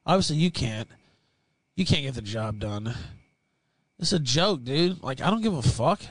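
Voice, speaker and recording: A man hosting a livestream, delivering an angry, profane rant that swings between yelling and low muttering, mocking his critics. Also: animated, moderate pace, no echo. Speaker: livestream host.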